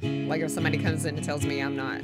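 A young woman streaming music, chatting with her viewers in a flat, deadpan, monotone way. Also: low-pitched, fast. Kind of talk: casual chat with live chat.

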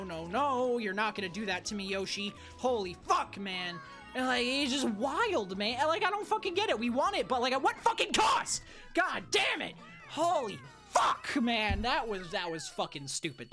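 A young woman streamer giving loud, profane, frustrated commentary while playing a racing game. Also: on the high side. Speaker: gaming streamer. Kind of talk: live gameplay commentary. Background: faint game music.

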